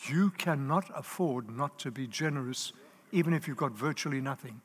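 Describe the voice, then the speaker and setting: A man's voice: medium pitch, normal speed, slightly rough. A man preaching a sermon in an earnest, emphatic way, stacking up lists and repeating key words. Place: church hall. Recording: live in a large reverberant hall.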